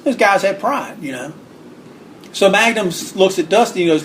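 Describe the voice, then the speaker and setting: A man guest on an interview, telling stories in an animated way, acting out what people said and clearing his throat now and then. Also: high-pitched, moderate pace, a little hiss or hum. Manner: animated storyteller acting out quotes. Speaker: guest author. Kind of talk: storytelling interview.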